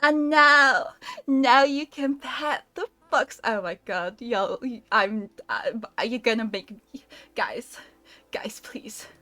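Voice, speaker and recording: A woman's voice: on the high side, slow pace, sharp tone, no echo. A woman streamer chatting live with her viewers, playful and giggly, laughing often between lines.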